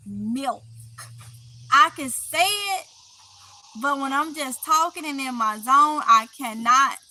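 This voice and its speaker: A woman's voice: high-pitched, sharp tone, slight background noise, rough recording. A middle-aged woman with a Mississippi accent hosting a casual livestream, reading chat comments in a chatty, playful way with heavy Southern dialect and frequent laughs.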